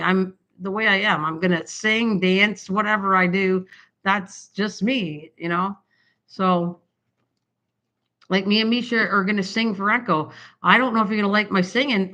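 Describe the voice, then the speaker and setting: A woman's voice: mid-range voice, sharp tone. An older woman hosting a craft livestream, chatting in a rambling way to her viewers and laughing often. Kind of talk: rambling casual livestream chat. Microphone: built-in camera mic.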